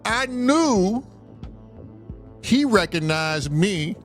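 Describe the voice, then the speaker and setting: An animated man tells a story live, his pitch swinging wide and sitting a little high. He curses freely and acts out the other people's voices. Faint music plays behind him. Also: extremely slow. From Southern California. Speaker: co-host telling a story.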